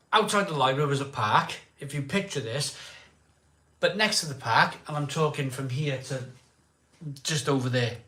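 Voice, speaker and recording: Hosting a live beer stream, a man chats his way through a rambling story, repeating himself and acting out what others said. His mid-range voice sounds pushed and bright.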